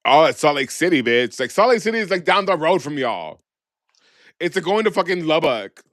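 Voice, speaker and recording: A man's voice: a little high, big pitch swings, fairly quick, a bit bright, no room sound. Sassy, gossipy man in a dry room. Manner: sassy, gossipy, swears freely. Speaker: podcast co-host. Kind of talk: casual chat.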